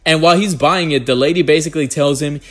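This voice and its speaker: A young man narrating a comedic movie recap in heavy slang, animated and quick to burst out in mock disbelief. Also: fairly high pitch.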